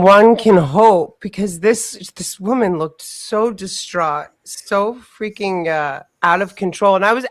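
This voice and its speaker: A woman co-hosting a casual podcast, telling stories in a rambling, animated way and swearing freely. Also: lowish voice, dry recording. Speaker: podcast co-host. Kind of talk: casual storytelling chat.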